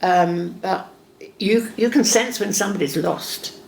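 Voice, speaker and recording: An older Englishwoman from Hertfordshire with a Cockney-sounding accent, chatting as a guest and telling lively stories. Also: mid-range voice, measured pace, gravelly, a little hiss or hum. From England, Hertfordshire. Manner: lively storyteller, talks over others, chatty. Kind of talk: casual chat.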